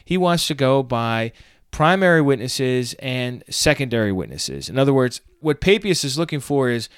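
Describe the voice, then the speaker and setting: A man's voice: mid-range voice, animated, normal speed, clear, resonant tone, no room sound, studio quality. A man hosting a podcast, reading out listener comments and answering them in an earnest, explanatory way with a touch of self-deprecating humor. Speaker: podcast host.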